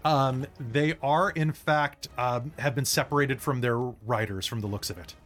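A man's voice: mid-range voice, unhurried. Man narrating as game master. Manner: relaxed, descriptive narration with fillers.

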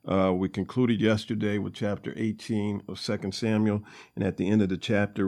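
A man hosting a Bible study podcast, reading scripture aloud and then commenting on it in a relaxed, conversational way with frequent fillers. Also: on the low side.

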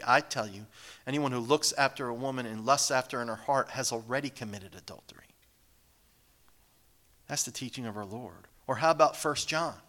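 A man preaching a sermon in an emphatic way, swinging from raised declarations down to hushed, whispered lines. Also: mid-range voice.

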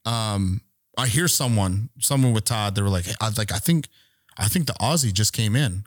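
A man's voice: lowish voice, no room sound. Rambling storyteller man, dry close mic. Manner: rambling, swears freely, acts out quotes. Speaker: podcast co-host. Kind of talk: casual storytelling.

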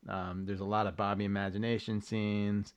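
A man's voice: on the low side, little pitch movement, moderate pace, smooth. A man co-hosting a podcast, rambling casually through a recap with loose swearing. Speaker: podcast co-host. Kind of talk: casual chat.

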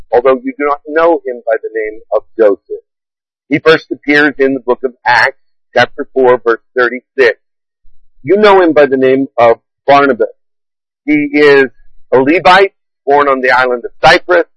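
A man's voice: mid-range voice, no room sound, highs cut off. Earnest middle-aged male pastor preaching. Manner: earnest, measured preaching with slow emphatic stresses. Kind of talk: sermon.

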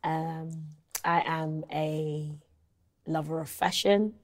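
A woman's voice: deep voice, steady tone, takes it slowly. A woman in her twenties with a London accent, a guest telling stories in a casual interview, full of ums and likes. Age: 20s. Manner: chatty storyteller, many ums and likes. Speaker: guest, singer-songwriter.

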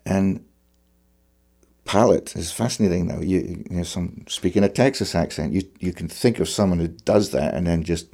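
A man's voice: sits low, normal speed, vocal fry, dark tone. A male fiddler in conversation, talking thoughtfully and searching for his words as he describes how he plays. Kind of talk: conversational reflection on music.

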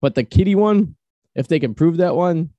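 A man in his thirties hosts a laid-back podcast, his voice warm and dark in tone. He tells loose, meandering stories and swears without a second thought. The recording is close and dry, with no room sound. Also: a little high, expressive, moderate pace, dry recording, lo-fi sound. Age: 30s. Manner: rambling storyteller, swears freely. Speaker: podcast host. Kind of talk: casual chat.

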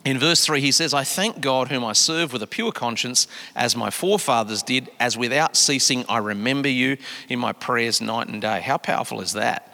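A middle-aged man preaching a sermon, emphatic, swinging between hushed and raised lines. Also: mid-range voice, normal speed. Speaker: pastor. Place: large church auditorium. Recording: long hall reverb.

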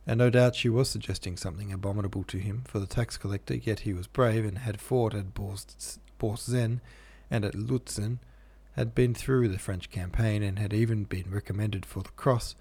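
A man narrating a classic novel aloud in a measured, even manner. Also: on the low side, breathy edge. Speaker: audiobook narrator.

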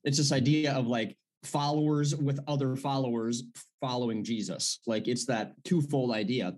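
A man's voice: medium pitch, moderate pace, darkish tone. A man who is a pastor, talking casually in a conversation and rambling with many restarts.

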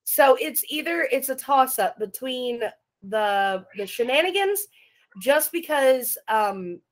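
Woman podcast host, a little high, animated and casual, swears freely. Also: takes it slowly. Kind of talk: casual chat.

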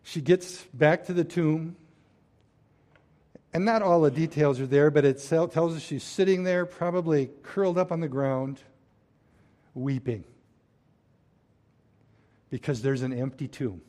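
A man preaching a sermon as a pastor, swinging between loud stressed phrases and hushed, quiet drops. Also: fairly high pitch, a little slow, pauses often.

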